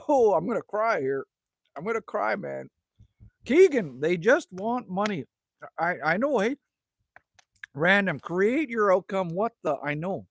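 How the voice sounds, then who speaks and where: A man's voice: high-pitched, very animated, a little slow, gravelly, long pauses, no echo. A middle-aged man from Canada hosting a casual live stream outdoors at his rural cabin, ranting, joking and greeting viewers by name. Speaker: livestream host.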